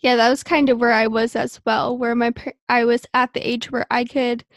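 A woman guest on a casual podcast with a high voice. She speaks earnestly, comparing experiences with the host. The recording is dry and close. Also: flat delivery, moderate pace, dry recording.

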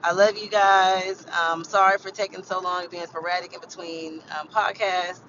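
A woman's voice: on the low side, fairly bright tone, muffled recording, slight background noise. A young woman from Houston hosts her podcast alone, speaking frankly and tumbling into rants. She swears freely and makes no effort to sound polished, as if simply chatting with her listeners. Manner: candid, profane and ranty. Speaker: podcast host. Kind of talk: casual solo podcast rant.

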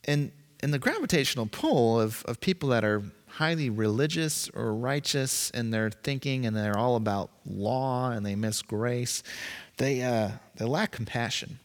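A man preaching a sermon in an animated, emphatic way, acting out voices as he goes. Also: medium pitch, measured pace. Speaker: pastor. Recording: long reverb, echoey hall.

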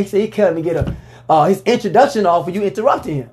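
A man hosting a casual sports talk show, talking in a loose, rambling way and letting out loud whoops. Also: sits high, lively intonation, fast talker, a little hiss or hum.

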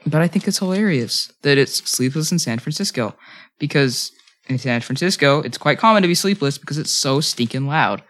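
A man co-hosting a casual group podcast, animated and quick to react. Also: a little high. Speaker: podcast co-host.

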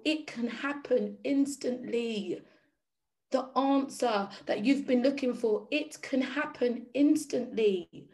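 A woman's voice: a little high, a little mellow. A woman giving an inspirational faith talk to a group, tearful, earnest and emotional, repeating phrases for emphasis. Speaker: spiritual speaker.

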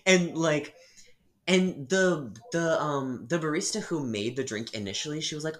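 A man co-hosting a casual podcast chat, telling a customer service story with animated, exasperated emphasis. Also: on the high side, normal speed. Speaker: podcast co-host.

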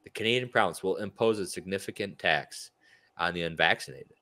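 A man's voice: sits low, fairly quick, sharp tone. A man co-hosting a political talk show, ranting with indignant sarcasm.

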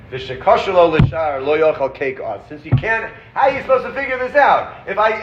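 A man teaching a Torah class, animated and quick, acting out the sources he quotes. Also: high-pitched. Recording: roomy, dull audio with faint background noise.

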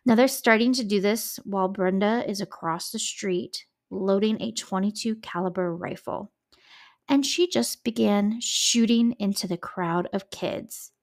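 A woman's voice: medium pitch, unhurried. Woman host, casual true-crime narration, talky with heartfelt asides. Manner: chatty, emotional asides, swears when upset. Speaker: podcast host.

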